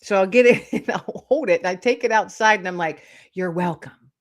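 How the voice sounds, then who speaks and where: A middle-aged woman, a guest author, telling lively anecdotes in casual chat, acting out little voices and laughing often. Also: medium pitch, brisk. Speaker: guest, author and podcast host.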